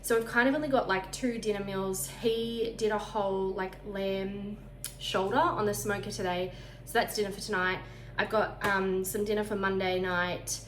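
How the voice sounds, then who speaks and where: A woman in her thirties with an Australian accent, chatting casually to camera about her week, talking fast enough to sound out of breath. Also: medium pitch, steady tone, roomy sound, a little hiss or hum, poor audio. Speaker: vlogger. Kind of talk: casual chat.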